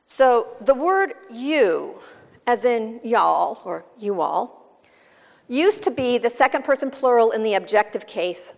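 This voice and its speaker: Preaching woman in a reverberant hall. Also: fairly high pitch. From California. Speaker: pastor. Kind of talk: sermon.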